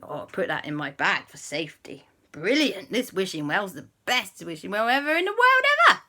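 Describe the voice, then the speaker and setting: A woman voicing a cheery young male pirate cat who talks in pirate slang and exclaims loudly. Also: mid-range voice, very animated, brisk, exaggerated voice. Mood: excited.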